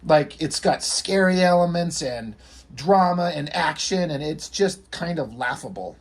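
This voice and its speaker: A man's voice: a little high, expressive, unhurried. A man reviewing a comic book in a casual vlog, ranting with profane exasperation.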